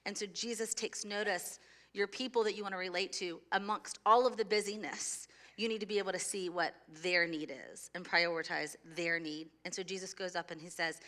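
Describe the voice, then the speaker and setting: A woman's voice: on the low side, steady tone, fairly quick, a bit bright. A woman pastor preaching a sermon to a church congregation in a conversational way. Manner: conversational, laughs easily, sings a children's song. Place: church sanctuary.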